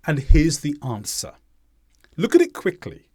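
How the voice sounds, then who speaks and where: A man teaching English pronunciation in a scripted lesson, speaking slowly and deliberately with heavy stress on key words. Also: on the high side, very animated, breathy edge, no room sound, clean studio sound.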